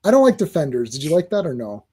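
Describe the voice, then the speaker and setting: A man co-hosting a casual podcast chat, blunt and opinionated, getting excitable. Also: on the high side, quick pace, husky. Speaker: podcast co-host.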